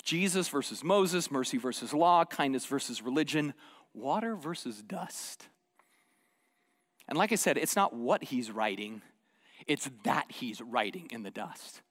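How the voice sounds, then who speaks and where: Guy preaching, swings quiet to loud, lots of reverb like a big hall. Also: medium pitch, unhurried. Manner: animated, swings from hushed asides to loud dramatic quotes. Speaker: pastor. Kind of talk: sermon.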